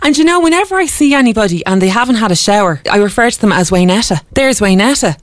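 A woman's voice: medium pitch, expressive, fast, no room sound, clean studio sound. An Irish woman hosting a radio show, enthusiastic and gushing, laughing a lot as she chats with her guest. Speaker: radio host. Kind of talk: radio interview chat.

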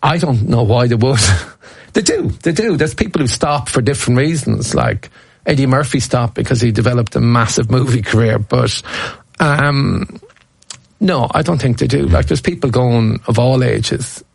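A man's voice: medium pitch, lively intonation, moderate pace, vocal fry, slightly rough, no echo. A comedian in his fifties telling rambling anecdotes in a casual interview, restarting his sentences as he goes. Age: 50s. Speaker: stand-up comedian guest.

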